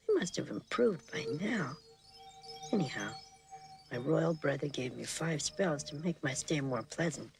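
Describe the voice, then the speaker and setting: An actor playing a small magical male visitor from a tiny land, musing to himself in a gravelly, half-whispered voice over film music. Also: medium pitch. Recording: film soundtrack with music behind.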